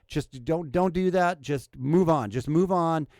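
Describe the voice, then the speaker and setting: A man's voice: a little high, a little slow, a little mellow, dry recording, studio quality, close to an everyday voice. A man putting on a sarcastic, rambling take of an older male politician, in a mock-indignant tone.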